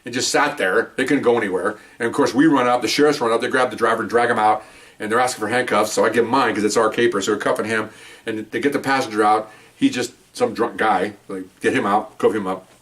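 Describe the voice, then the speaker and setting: An older man, a retired police officer, tells a story in a casual, animated way, acting out voices and restarting his sentences. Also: lowish voice, quick pace, distant mic. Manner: animated, acts out voices, laughs, many restarts.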